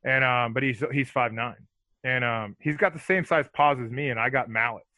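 A man tells long, meandering stories in a casual chat, with plenty of fillers and profanity. His voice is bright and forceful, and it is recorded dry and close. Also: mid-range voice, moderate pace, no echo, poor audio. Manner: rambling, profane, lots of filler words; animated, acts out other people's lines.

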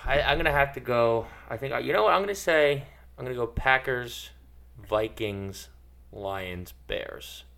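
A man's voice: mid-range voice, normal speed, gravelly, sharp tone. A man appearing as a guest on a casual podcast, bantering and joking. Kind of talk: casual chat.

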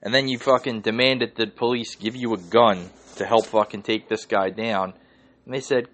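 A man's voice: on the low side, fairly even intonation, normal speed, fairly bright tone. Swearing Philly man ranting on a podcast. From Northeast Philadelphia. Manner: profane, ranting, heavy swearing. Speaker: podcast host. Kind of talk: solo podcast rant.

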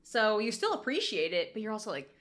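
A woman in casual podcast chat about a film, animated and quick to laugh, acting out quotes. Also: medium pitch. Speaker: podcast co-host discussing a film.

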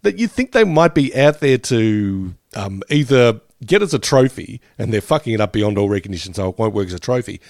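Chuckling man with a gravelly voice. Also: fairly low pitch, big pitch swings, fairly quick, hardly any pauses, darkish tone, dry recording, clean studio sound. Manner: laughing often, chatty, swearing. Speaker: podcast co-host. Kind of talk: casual chat.

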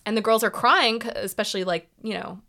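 Bright, chatty young woman podcaster. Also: on the high side, fast. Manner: chatty, lots of fillers, animated retelling. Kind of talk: casual chat about reality TV.

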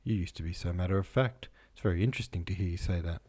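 A man's voice: sits low, fast talker, darkish tone. A man reading the part of a cool, questioning male friend in an audiobook.

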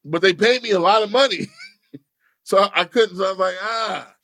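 A man's voice: high-pitched, brisk, dry recording, studio quality. A man telling a story casually with heavy profanity and acting out the quotes. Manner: animated, profane, acts out quotes. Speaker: podcast guest telling a story.

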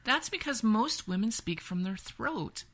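A woman's voice: a little high, animated, measured pace, a bit bright. A woman from Canada, a women's empowerment and yoga teacher, talking through boundaries in a casual podcast conversation and acting out example phrases, often asking "right?". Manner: explains with repeated "right?" and acted-out example phrases.

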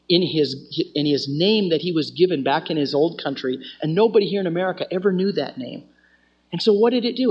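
A man teaching a student fellowship, telling stories in an earnest sermon style and often restarting his phrases. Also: on the high side. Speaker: campus ministry teacher. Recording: dull lo-fi recording.

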